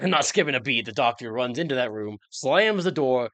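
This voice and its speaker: A man with a gravelly, fry-edged voice of middle pitch, recapping a TV episode in a loose, joking way. He rambles through his theories and leaps up in pitch when something surprises him. The sound is dry and close, with no room around it. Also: moderate pace, no echo. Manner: jokey and rambling, with sudden excited jumps in pitch. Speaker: reaction channel host.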